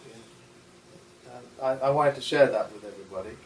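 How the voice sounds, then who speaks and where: A man talking as an interview guest in casual conversation, halting with many restarts and short laughs. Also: mid-range voice, a little hiss or hum. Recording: echoey room, voice from far off.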